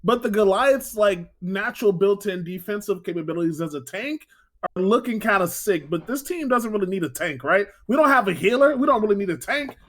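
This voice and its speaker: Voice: mid-range voice, lively intonation, brisk. A player casually thinking aloud while planning a game character.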